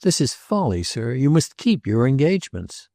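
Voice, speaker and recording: A man's voice: mid-range voice, sing-song, normal speed, creaky, dark tone, dry recording, studio quality, pitched above the performer's own voice. A man doing a sonorous, pompous older patron. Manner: sonorous, self-important.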